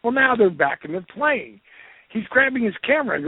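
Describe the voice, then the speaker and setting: A man telling a lively, profane anecdote as a podcast guest, acting out the voices of the people he quotes. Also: very high voice, a little fast, slightly rough, no room sound. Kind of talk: casual anecdote storytelling. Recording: tinny phone-like line, dry.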